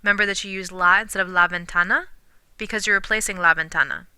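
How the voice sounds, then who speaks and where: Bright-voiced woman teaching a lesson. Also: medium pitch, steady tone, no room sound. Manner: clear, patient explaining with slow modeled pronunciations; drops to a whisper when counting syllables. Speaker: Spanish teacher. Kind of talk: recorded classroom lesson.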